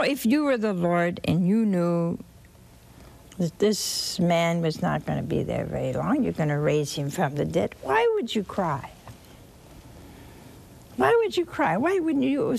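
Woman, sermon, slow expressive storytelling, lively rising and falling pitch. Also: creaky. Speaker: preacher.

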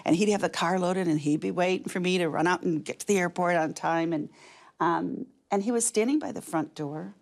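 An older woman, a guest, tells a lively story in a casual conversation and laughs as she talks. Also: on the low side, a little fast, gravelly. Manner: animated, lively storyteller who laughs between lines.

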